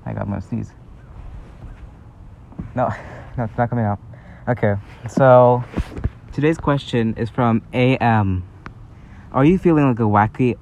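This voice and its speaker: A man chatting in a casual, rambling vlog from a park, talking haltingly with lots of fillers. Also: mid-range voice, a little mellow, lo-fi sound, slight background noise. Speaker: vlogger. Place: outdoors in a park. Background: faint breeze and park ambience.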